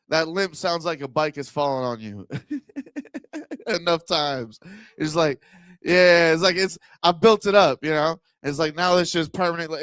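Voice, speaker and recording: A male stand-up comic working the crowd on a handheld mic, his fairly high voice smooth and clear. He rambles through bits and keeps breaking into laughs at his own lines. The sound is close and dry. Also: a bit bright, dry recording. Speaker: stand-up comedian. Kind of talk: stand-up set with crowd work. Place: comedy club stage.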